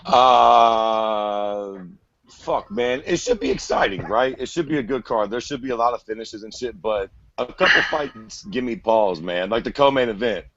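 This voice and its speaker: A man's voice: mid-range voice, unhurried, a bit bright, lo-fi sound. A man co-hosting a casual podcast about fighting, crude and joking, with a lot of cursing. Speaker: podcast co-host. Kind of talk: casual MMA chat.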